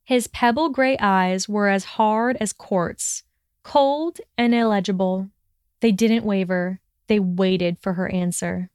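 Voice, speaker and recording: A woman reads a story aloud with steady, expressive narration. Her voice is smooth and clear, recorded dry and close with no room sound. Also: medium pitch, takes it slowly, no echo. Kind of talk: reading fan fiction aloud.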